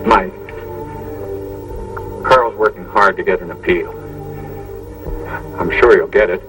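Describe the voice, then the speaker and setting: An actor playing a worried older father who speaks gently and regretfully in an old film. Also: low-pitched, takes it slowly. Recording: old film sound, distant mic, music behind.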